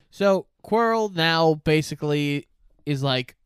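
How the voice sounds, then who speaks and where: A woman with a lively, swooping delivery adds plot details and jokes to a casual movie recap. The sound is close and completely dry. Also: deep voice, normal speed, smooth, no room sound.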